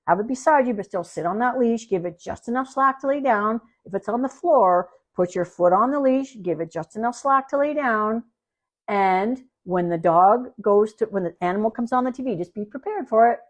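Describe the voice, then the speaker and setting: A woman's voice: fairly high pitch, expressive, moderate pace. Plainspoken woman dog trainer giving advice. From Canada. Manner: plainspoken, repeats key points, acts out dog and owner lines. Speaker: dog trainer answering listener questions. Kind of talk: casual podcast advice.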